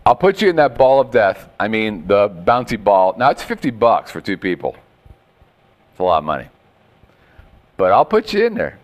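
A man's voice: fairly low pitch, huge pitch swings, moderate pace, long pauses. A man hosting a podcast, telling jokey stories in casual banter and often laughing.

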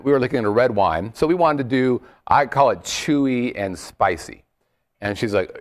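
A man's voice: mid-range voice, fast talker. A man hosting a show, telling a story in a casual, jokey way. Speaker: show host. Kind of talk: casual chat.

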